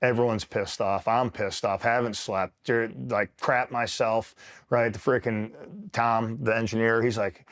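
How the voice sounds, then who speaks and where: A middle-aged retired Marine from New York State telling a war story in casual, profane talk, full of "like" and "right?". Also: male voice, mid-range voice, normal speed, fairly bright tone. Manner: profane, rambling, filler-heavy with frequent "right?".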